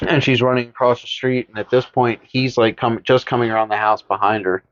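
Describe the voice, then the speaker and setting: A man co-hosting a podcast, recapping a horror movie in casual, rambling chat full of swearing, now and then slipping into quick voices for the characters. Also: mid-range voice, little pitch movement, fairly bright tone. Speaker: podcast co-host. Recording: dull lo-fi podcast audio.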